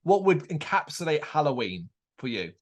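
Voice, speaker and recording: A man, co-host of a podcast, asking interview questions in a brisk, chatty way. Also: fairly high pitch, very animated.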